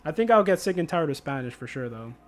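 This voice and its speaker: A man's voice: a little high, big pitch swings, fast talker. A man streaming a video game, chatting casually and jokingly with viewers, laughing often. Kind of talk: casual livestream chat.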